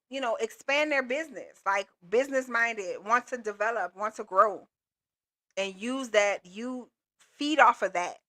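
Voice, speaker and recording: Bright, upbeat woman coach live. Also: a little high. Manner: upbeat, motivational, casual slangy talk. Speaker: business coach and livestream host. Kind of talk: live call-in coaching stream. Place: Texas.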